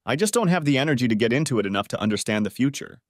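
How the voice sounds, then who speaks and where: Man voicing a betrayed husband, bitter, sarcastic, lively pitch, dry sound. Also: rapid-fire, dry recording, close to an everyday voice. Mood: weary.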